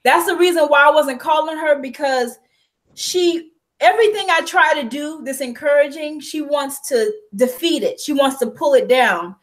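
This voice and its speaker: Young woman host, high voice, tearful and breaking, heartfelt personal talk. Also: moderate pace, poor audio. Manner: tearful, voice breaking as she talks. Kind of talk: emotional personal conversation.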